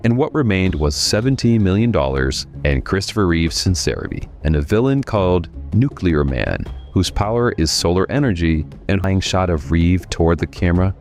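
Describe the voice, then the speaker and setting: A man's voice: low-pitched, very animated, normal speed, few pauses, a little mellow, faint music behind. A man hosting a comedic film review show and ranking bad sequels with dry sarcasm. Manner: wry, sarcastic. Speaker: host.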